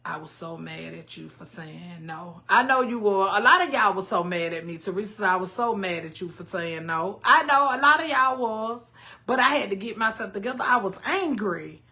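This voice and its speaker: A woman in her fifties talking straight to her followers in a bright, forceful voice. She tells her story candidly and with feeling, in easy vernacular speech. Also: mid-range voice, lively intonation, normal speed. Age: 50s. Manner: candid, emotional storytelling with Southern Black vernacular. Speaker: cooking vlogger. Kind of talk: casual chat to viewers.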